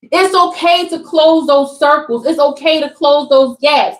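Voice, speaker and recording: A woman's voice: sits high, measured pace. A young woman giving a casual, emphatic spiritual pep talk to her viewers, repeating her points like a preacher. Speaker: spiritual content creator. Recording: echoey room.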